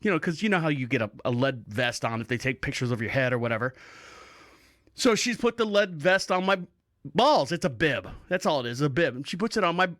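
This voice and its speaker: A middle-aged man hosts a podcast, spinning a loose, joking story with plenty of chuckles. His voice sits a little high for a man. The sound is close and dry, with no room echo. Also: lively intonation, fairly quick, a bit bright. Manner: rambling, joking, laughs while telling stories. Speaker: podcast host. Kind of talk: casual storytelling monologue.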